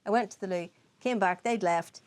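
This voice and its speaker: A young adult woman co-hosting a casual podcast chat, an animated storyteller who swears freely and acts out her own past lines. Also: medium pitch, normal speed. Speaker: podcast co-host. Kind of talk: casual chat over whiskey tasting.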